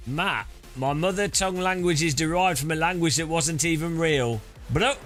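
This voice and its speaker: A man's voice: fairly high pitch, normal speed, fairly bright tone, soft background music. A man casually chatting on a sim-racing live stream, joking and rambling as he reads chat aloud.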